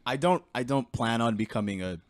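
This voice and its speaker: A man's voice: medium pitch, a little fast, no echo, clean studio sound. A young man co-hosting a podcast, chatting casually and joking around with friends. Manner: joking, playful banter. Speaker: podcast co-host. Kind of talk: casual chat.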